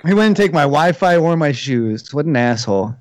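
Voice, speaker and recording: A man's voice: on the high side, lively intonation, normal speed. A man making a prank phone call, rambling and flustered, flaring into heated outbursts. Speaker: prank caller.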